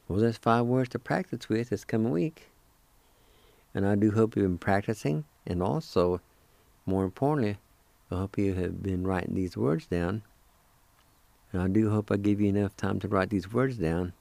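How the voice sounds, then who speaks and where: Patient older male radio teacher, deliberate syllable drills, warm dark tone. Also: on the low side, creaky, no room sound. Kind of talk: slow spelling and pronunciation lesson.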